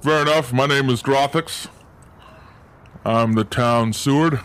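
A man voicing a gruff, folksy male town steward who chews as he talks and rambles on. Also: mid-range voice, a little slow, a bit bright, lightly acted. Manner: drawling, rambling, chewing sounds. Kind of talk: tabletop role-play character voice.

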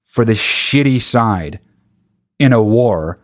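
A comedian doing a stand-up rant, talking in an exasperated, profane and rhetorical way. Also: male voice, lowish voice, lively intonation, takes it slowly.

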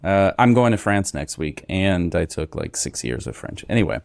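A man hosting a podcast in a relaxed, agreeable, casual chat. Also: sits low, moderate pace, creaky, no echo. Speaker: podcast host.

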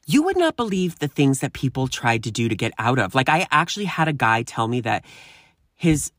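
A podcast host telling a story about work in a profane, animated rant, talking straight to the listeners. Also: medium pitch, a little fast. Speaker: podcast host and restaurant manager.

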